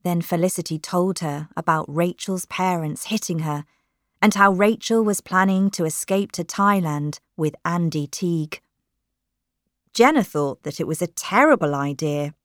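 A woman reading a storybook aloud in a measured, clear way. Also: fairly low pitch, no room sound, studio quality.

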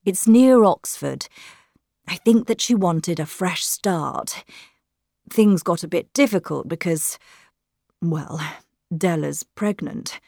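Woman reader as an older grandfather, soft-spoken and hesitant, unhurried. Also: fairly low pitch, animated, creaky, dry recording, studio quality, heavily acted. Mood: gentle.

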